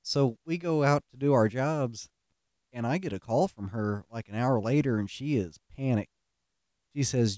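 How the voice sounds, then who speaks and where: A man's voice: medium pitch, normal speed, a little mellow, dry recording, clean studio sound. A middle-aged man, telling stories in a folksy, self-mocking way and laughing at his own pranks. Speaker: podcast host. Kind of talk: casual storytelling monologue.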